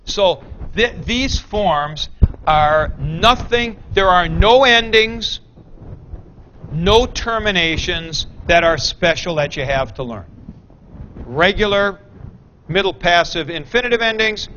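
In a dull, lo-fi classroom recording with slight background noise, a man teaches Greek grammar in a fairly high, bright, forceful voice. He thinks aloud through the forms and corrects himself mid-explanation.

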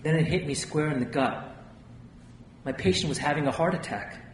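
A man's voice: fairly high pitch, normal speed. A man narrating a first-person memoir in a tense storytelling manner. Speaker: audiobook narrator. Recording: roomy, distant, faint hiss.

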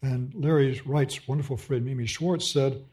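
A man's voice: medium pitch, fairly even intonation, moderate pace, warm tone. A man with a mild Austin, Texas accent, a professor putting questions in an onstage conversation and telling stories fluently with dry wit. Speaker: professor and interviewer.

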